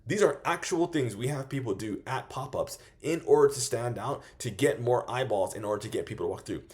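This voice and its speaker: A man coaching small vendors in a loose, profane style, acting out quick sales pitches as he goes. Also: lively intonation, a little mellow. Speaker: business coach. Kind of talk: casual instructional monologue.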